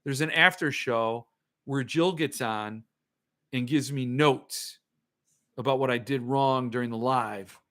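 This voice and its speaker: Bright-voiced man ranting casually. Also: mid-range voice, slow pace. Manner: ranting, sarcastic, reads and answers chat comments. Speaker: podcast host. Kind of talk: casual livestream chat.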